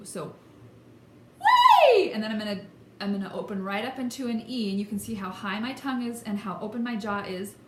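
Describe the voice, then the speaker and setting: A woman teaching a vocal lesson, explaining technique in an encouraging, emphatic way. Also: mid-range voice. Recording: echoey room with instrument playing.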